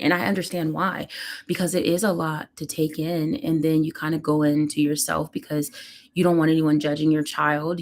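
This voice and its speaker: A woman's voice: deep voice, gravelly. A woman, a mother and vlogger, talking candidly and emotionally at home on a casual live stream, rambling with lots of fillers.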